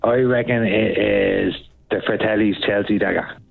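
A man's voice: lowish voice, fairly even intonation, normal speed, vocal fry, soft background music. A man with a Dublin accent calling into a radio show, laid-back and laughing. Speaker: caller. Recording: tinny phone line.

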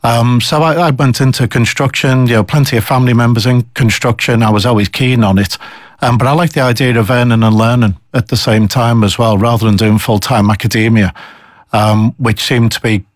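A middle-aged man with a Liverpool accent, a chief executive guest on a radio interview, talking in a measured, thoughtful way with fillers. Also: medium pitch, steady tone, no room sound, studio quality. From England.

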